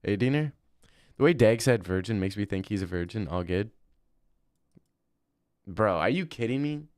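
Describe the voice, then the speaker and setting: A young man livestreaming and chatting casually, reading chat and answering with crude, deadpan banter. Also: on the low side, normal speed, dry recording, studio quality.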